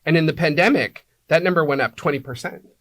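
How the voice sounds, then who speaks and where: A man's voice: on the high side, fast, a bit bright, a little hiss or hum. A man being interviewed as an apartment locator, explaining things like a teacher and checking in with "right?" and "okay?" as he goes.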